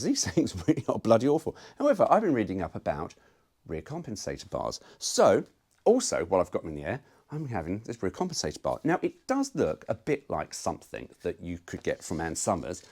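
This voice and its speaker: A man's voice: on the low side, wildly swooping pitch, a little fast, a little mellow, breathy edge. A man talking casually to camera about working on his car, rambling and jokey with the odd swear word. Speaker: car vlogger. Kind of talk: casual workshop chat to camera.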